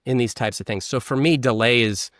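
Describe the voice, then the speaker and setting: A man's voice: mid-range voice, brisk, dry recording, clean studio sound. A man, a former polygraph examiner, explaining as an interview guest and acting out questions and answers. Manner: animated, acts out questions and answers.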